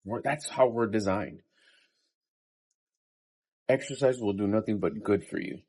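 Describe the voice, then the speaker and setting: A man's voice: fairly low pitch, expressive, measured pace, a little mellow, breathy edge. A man in his fifties giving a casual, profane motivational talk between workout sets in a day-in-my-life vlog. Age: 50s. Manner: blunt, profane and pep-talking. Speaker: vlogger.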